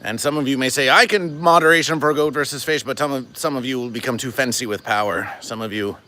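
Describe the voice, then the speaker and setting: A man hosting a comedic livestream, talking to his chat in a deadpan, stilted, formal way and calling himself by his show's name. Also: medium pitch, fast. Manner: deadpan, stilted formal phrasing, refers to himself in third person. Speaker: livestream host.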